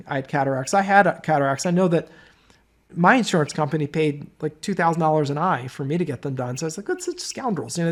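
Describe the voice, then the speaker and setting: A man giving an informal course presentation, telling stories in a conversational way. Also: on the high side. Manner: conversational storytelling. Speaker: business course instructor.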